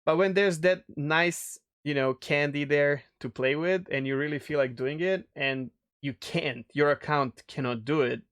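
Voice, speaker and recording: A man's voice: on the high side, a little slow, hardly any pauses, a bit bright. A man co-hosting a casual gaming podcast, rambling and enthusiastic, laughing often. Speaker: podcast co-host. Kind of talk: casual chat.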